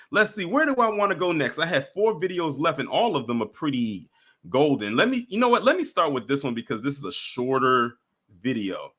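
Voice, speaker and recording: A man hosting a livestream, giving animated, mocking reaction commentary and chatting with his viewers. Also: fairly high pitch, slightly rough. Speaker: livestream host.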